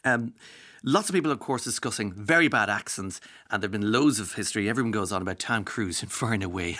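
A man's voice: fairly low pitch, animated, a little fast, pushed and bright. A man from Ireland hosting a radio show, chatting wryly and slipping into mock accents now and then. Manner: chatty, wry, mimics accents. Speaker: radio host. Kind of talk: casual radio chat.

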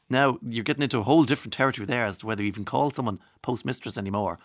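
A man's voice: mid-range voice, racing, gravelly, few pauses, no echo, studio quality. A man with an Irish accent hosting a radio show, chatting casually, joking and reading out listener messages. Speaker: radio host. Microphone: studio microphone.

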